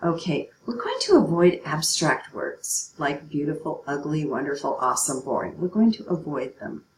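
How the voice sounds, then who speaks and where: Woman english teacher, lowish voice, roomy echo, faint room hum, patient lesson delivery. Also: sing-song, moderate pace. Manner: patient, checks in with "okay" often. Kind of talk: recorded writing lesson.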